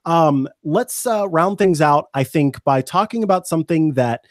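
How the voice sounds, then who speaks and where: A man's voice: fairly high pitch, expressive, moderate pace, no echo. Wry man hosting, dry close sound. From United States. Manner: wry, joking. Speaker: podcast host. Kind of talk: casual tech podcast chat.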